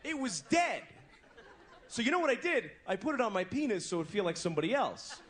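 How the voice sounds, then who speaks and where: An American man in his twenties performs a crude stand-up set on a comedy club stage, telling stories conversationally and acting out voices for the live audience. His voice sits high, sing-song and fairly bright, and he talks briskly. The live club recording is noisy.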